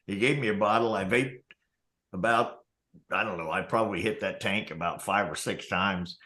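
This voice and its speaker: A man's voice: on the low side, normal speed, bright, forceful tone, echoey room. A man on a casual group chat, telling a teasing anecdote.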